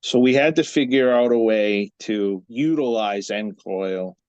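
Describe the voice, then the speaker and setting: Low-voiced man on dull, dry audio. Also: a little mellow, clear, resonant tone, dry recording. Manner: measured, explanatory, with rhetorical questions. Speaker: dental association president, guest. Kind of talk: interview answers.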